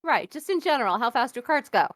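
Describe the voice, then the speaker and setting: A woman's voice: a little high, big pitch swings, fast talker, no room sound, studio quality. A woman playing a tabletop game online, upbeat and full of questions for the group. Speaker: player.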